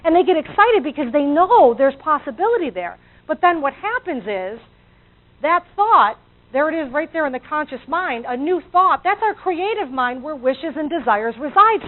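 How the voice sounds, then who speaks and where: Animated high-voiced woman motivational speaker. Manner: animated, acts out inner voices, asks the audience questions. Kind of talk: motivational talk to a live audience. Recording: tinny, phone-like audio.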